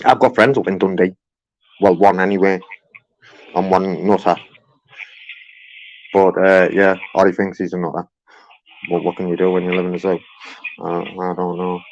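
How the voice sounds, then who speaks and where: A man's voice: low-pitched, flat delivery, normal speed, long pauses, dry recording, highs cut off. Insistent man complaining on a call. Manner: insistent, repetitive, keeps saying "man" and "mate". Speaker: caller making a complaint. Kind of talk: heated phone complaint.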